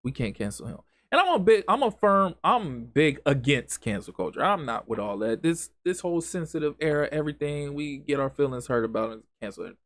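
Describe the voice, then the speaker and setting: A man's voice: a little high, big pitch swings, fairly quick, hardly any pauses, fairly bright tone. A man hosting a solo podcast, speaking in an impassioned, emphatic way with lots of repetition and casual grammar. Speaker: podcast host.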